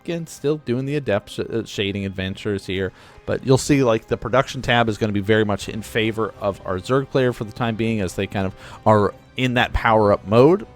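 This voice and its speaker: A man's voice: on the low side, brisk, faint music behind. A man giving casual play-by-play commentary on a real-time strategy match, explaining the strategy as he goes. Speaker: game caster.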